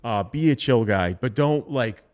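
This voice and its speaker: A man's voice: mid-range voice, measured pace. A young man co-hosting a casual podcast chat, telling stories and acting out the voices of people he quotes. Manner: animated storyteller who acts out quoted voices. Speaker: podcast co-host.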